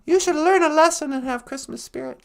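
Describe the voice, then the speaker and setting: A bossy ghost of Christmas, male, lecturing and scolding in a plain, matter-of-fact voice, as a woman puts him on. The voice is high with a gravelly rasp. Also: a little fast. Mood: grim.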